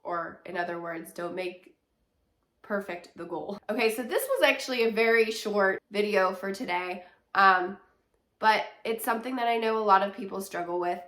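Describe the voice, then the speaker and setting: A woman's voice: medium pitch, moderate pace, a bit bright, roomy sound. A woman, a teacher and health coach, gives encouraging casual advice from her couch at home. She sounds a little nasal and congested and uses lots of fillers. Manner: chatty and encouraging, with many fillers. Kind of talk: casual talking-head advice vlog.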